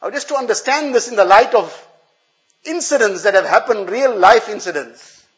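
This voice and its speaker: A man's voice: high voice, animated, moderate pace, a bit bright, muffled recording. A male preacher giving an earnest, explanatory sermon, repeating phrases for emphasis.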